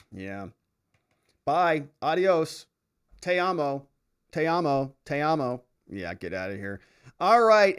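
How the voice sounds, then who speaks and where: Man, livestream host, casual chat, slightly high voice, lively swinging pitch, reads comments aloud, laughs a lot. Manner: animated, laughs often, reacts loudly to comments. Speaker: livestream host reading viewer chats. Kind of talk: casual live-stream chat.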